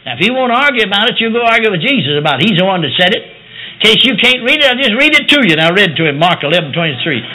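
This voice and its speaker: A man preaching a sermon testimony, animated, moving between quiet asides and loud declarations. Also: high voice, very fast, poor audio. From United States.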